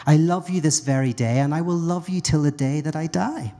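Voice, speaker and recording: A man's voice: fairly high pitch, fairly quick, mellow, voice pushed up, natural voice. A man voicing a beautiful female squirrel who reassures her sweetheart steadily. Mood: tender.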